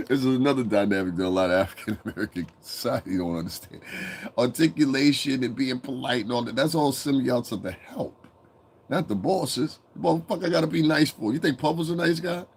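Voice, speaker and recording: A husky-voiced man talks straight to his audience in a loose, profane monologue. His voice sits at an ordinary middle pitch, a little rough around the edges. He rambles from one story to the next and slips into mocking put-on voices. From Connecticut. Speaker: commentary channel host. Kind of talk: casual commentary monologue.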